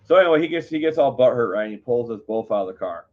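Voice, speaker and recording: A male live-show host with a medium-pitched voice tells viewers a story in an animated, racing rush. He's heated and profane, and his rambling account comes through muffled, dull lo-fi audio.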